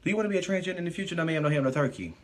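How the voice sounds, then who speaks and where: A man live streaming casual chat, reading viewer comments aloud and answering them in a sassy, profane, animated way. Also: fairly high pitch, racing, a little hiss or hum.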